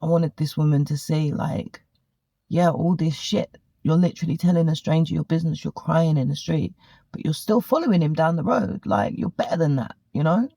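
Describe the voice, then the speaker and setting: A woman's voice: deep voice, moderate pace, creaky, dark tone, no echo. Lady in her 40s, candid and sweary vlog chat, dry close sound. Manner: candid, profane, chatty with fillers. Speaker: vlogger. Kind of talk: casual storytelling monologue.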